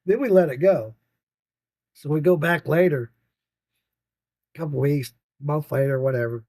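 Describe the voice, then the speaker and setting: A man's voice: on the high side, moderate pace, dark tone, no room sound. An older man telling a rambling, profane story about his grandchildren, laughing often. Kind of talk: casual storytelling.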